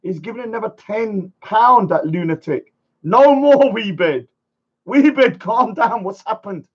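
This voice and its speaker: A man hosting a live stream, chatting casually and rambling, sometimes shouting at viewers. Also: high voice, a little slow, breathy edge. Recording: dull lo-fi stream audio.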